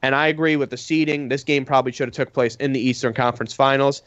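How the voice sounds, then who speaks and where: A man's voice: medium pitch, level tone, quick pace, fairly bright tone, dry recording, muffled recording. A man co-hosting a casual sports podcast, rambling through his analysis with many fillers. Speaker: podcast co-host.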